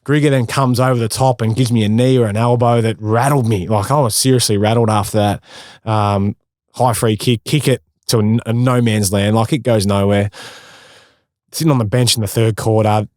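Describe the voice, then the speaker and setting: A man in his thirties with an Australian accent, a former footballer telling stories in a casual interview, matey and quick to laugh. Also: fairly low pitch, steady tone, darkish tone, dry recording, clean studio sound. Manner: matey, laughing, acts out quotes.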